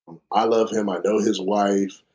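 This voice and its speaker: A man's voice: fairly low pitch, level tone, normal speed, a little mellow. A man hosting a podcast, talking reflectively and thinking aloud in casual conversation. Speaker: podcast host.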